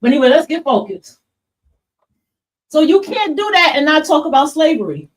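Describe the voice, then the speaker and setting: High-voiced, impassioned woman livestream host. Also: sing-song, normal speed, distant mic, low-quality recording. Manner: impassioned, blunt, swears, addresses viewers as y'all. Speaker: podcast host. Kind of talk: livestream monologue to chat.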